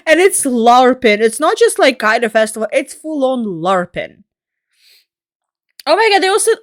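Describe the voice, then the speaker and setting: Excitable young woman streamer. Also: fairly high pitch, normal speed, dry recording, clean studio sound. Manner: excitable, laughs often, swears. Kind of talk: casual gameplay chat.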